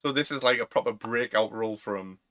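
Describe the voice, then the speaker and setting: A young man with a Northern English accent, co-hosting a casual chat, chatty and quick to laugh. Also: on the low side, bright, forceful tone. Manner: chatty, laughs often, fillers. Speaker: podcast co-host.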